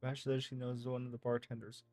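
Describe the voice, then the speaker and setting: A man reading game text messages aloud in a casual, lively way, swearing freely. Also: medium pitch, a little fast, dry recording. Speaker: gaming streamer.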